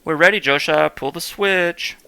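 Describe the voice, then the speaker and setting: A man's voice: a little high, moderate pace, vocal fry, sharp tone, clear, resonant tone, voice pushed up. A man voicing a perky, upbeat young woman scientist in a video game, giving chirpy, bossy instructions. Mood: chipper.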